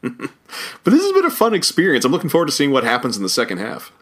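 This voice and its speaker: A man co-hosting a casual podcast about an old cartoon series, lively and chuckling, often stumbling over names. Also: mid-range voice, quick pace. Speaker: podcast co-host.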